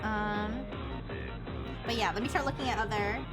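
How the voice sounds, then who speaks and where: A woman's voice: medium pitch, steady tone, moderate pace, loud music behind the voice. A woman livestreamer in casual chat who rambles, laughs often and says "like" a lot.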